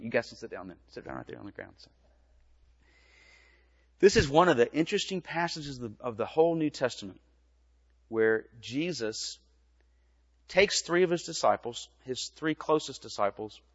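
Pastor giving a children's sermon in a reverberant church. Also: male voice, mid-range voice. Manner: gentle, storytelling, speaking simply to children. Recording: reverberant church, dull lo-fi sound.

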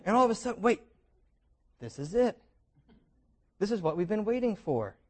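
Man, pastor, sermon, lively storytelling, slightly high voice, playful asides. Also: normal speed. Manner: animated storytelling with jokes and invited imagining.

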